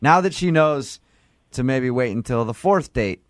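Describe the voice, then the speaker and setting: A man's voice: medium pitch, expressive, measured pace, no room sound, clean studio sound. A man hosting a morning radio show, playful and teasing, laughing often as he talks to callers. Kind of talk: morning radio prank-call chat.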